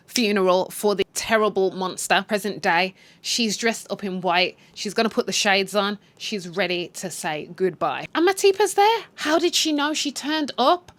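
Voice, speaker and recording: Chatty, slangy woman recapping a show. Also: medium pitch. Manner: chatty and animated, slangy, swears, laughs often. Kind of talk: casual spoken story recap.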